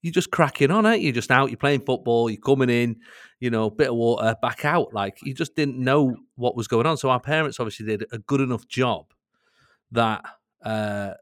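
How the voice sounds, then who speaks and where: A man's voice: medium pitch, a little fast, no echo. Chatty Mancunian man, dry close sound. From Manchester, England. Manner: chatty, self-mocking, laughs between lines. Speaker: comedian guest. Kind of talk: casual interview chat.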